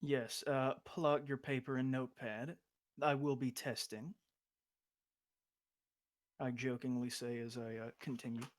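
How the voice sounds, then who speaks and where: A man playing in a tabletop game, answering in character in a deadpan way. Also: mid-range voice, a little slow, pauses often. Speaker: player. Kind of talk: in-character tabletop role-play.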